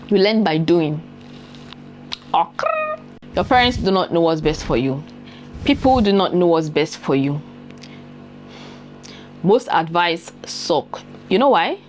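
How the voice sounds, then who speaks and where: A woman's voice: fairly low pitch, darkish tone, a little hiss or hum. A young woman with a Nigerian accent talks straight to camera in a casual advice vlog, stressing her points by repeating them and checking in with her viewers. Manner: emphatic, repeats key phrases, checks in with the audience. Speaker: vlogger.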